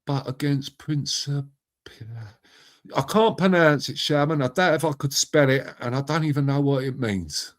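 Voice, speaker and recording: Chatty man, matey and higher-pitched. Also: normal speed. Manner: chatty, matey, swears freely, addresses viewers by name. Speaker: live stream host reading chat. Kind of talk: casual chat.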